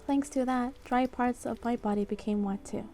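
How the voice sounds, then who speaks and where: A woman's voice: a little high, fairly even intonation, normal speed, dark tone, soft background music. A young woman reading a dating game's story aloud, reacting emotionally and doting on the characters. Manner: emotional, doting, reacts with sighs and pet names. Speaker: YouTuber reading a game playthrough.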